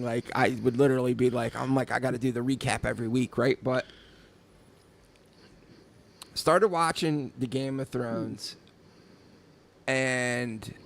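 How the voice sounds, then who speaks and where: A man's voice: medium pitch, gravelly, a bit bright. A man co-hosting a casual podcast about tattoos, rambling with lots of repeated words and fillers. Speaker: podcast co-host, tattoo artist. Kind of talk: casual chat.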